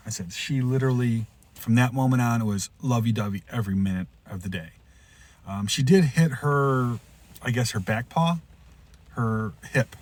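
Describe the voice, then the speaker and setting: A man hosting a podcast, telling a rambling pet story in a casual way, restarting often and jumping into loud, high voices when he quotes someone. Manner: rambling, with frequent restarts and asides. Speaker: podcast host.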